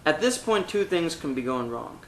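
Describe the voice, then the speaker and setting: A man's voice: a little high, big pitch swings, normal speed, reverberant, a little hiss or hum, low-quality recording. A man teaching a vocal technique lesson, talking through exercises step by step. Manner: demonstrates exercises with loud sung vowels and meows. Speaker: singing teacher.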